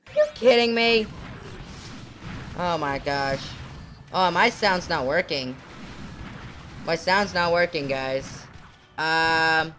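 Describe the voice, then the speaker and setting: A gaming channel host giving live commentary on a mobile match, shouting at the game and chatting to viewers with many fillers. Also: mid-range voice. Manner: excitable, yells at the game.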